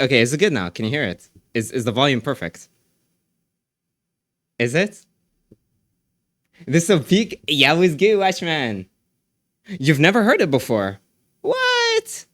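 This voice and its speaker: A man's voice: mid-range voice, a bit bright, no room sound, clean studio sound. A young man streaming live, chatting casually in a rambling, slangy way with lots of restarts.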